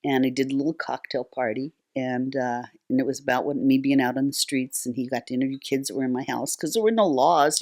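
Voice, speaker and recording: An older woman who founded a nonprofit appears as a talk show guest, telling long stories in a chatty, conversational way with lots of fillers and restarts. Her voice is very deep with a darkish tone.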